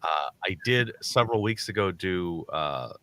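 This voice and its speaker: A man's voice: low-pitched, animated, unhurried, bright, forceful tone. A man co-hosting a call-in show, talking in a chatty, rambling way with many restarts. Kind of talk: casual chat.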